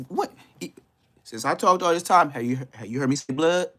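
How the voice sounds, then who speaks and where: Brisk and loud, this YouTube commentator from LA, in his fifties, tears into people on a live stream using mocking street talk. His LA accent stays strong as he laughs often and pops up into high-pitched bursts.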